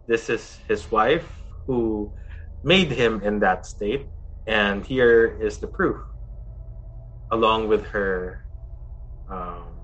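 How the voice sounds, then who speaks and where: A man's voice: lowish voice, takes it slowly, long pauses, a bit bright. A man playing in a tabletop game, planning his character's moves aloud. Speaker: player. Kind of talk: casual tabletop game talk. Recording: dull lo-fi sound.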